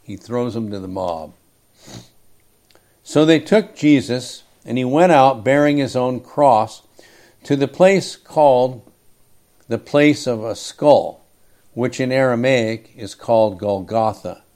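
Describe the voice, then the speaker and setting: Man as a slow, emphatic sermon preacher, mid-pitched, throat-clearing, reads and comments on scripture. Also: darkish tone. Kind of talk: expository sermon.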